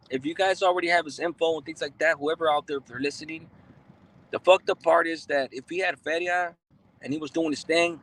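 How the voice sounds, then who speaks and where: A man's voice: a little high, fairly bright tone, low-quality recording. A man hosting a casual livestream, reading out viewer comments and talking loosely with street slang and plenty of swearing.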